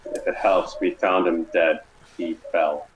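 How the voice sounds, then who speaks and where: A man makes offhand remarks during a tabletop game. His voice is very low and his pace is unhurried. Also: steady tone, poor audio. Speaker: player. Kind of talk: casual game chat.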